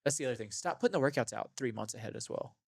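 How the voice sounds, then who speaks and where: A man in the middle pitch range co-hosts a podcast recorded in a gym. He rambles animatedly, with lots of filler words and the odd curse. The sound is dry and close-miked. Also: racing, vocal fry, husky, dry recording. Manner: animated, swearing, rambling with many "like"s. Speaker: podcast co-host. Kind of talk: casual chat.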